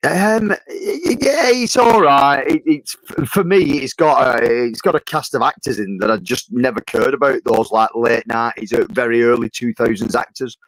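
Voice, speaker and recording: A man's voice: mid-range voice, moderate pace, few pauses, a bit bright, no echo, low-quality recording. A man in casual podcast chat, stammering through restarts and swearing freely. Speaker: podcast co-host.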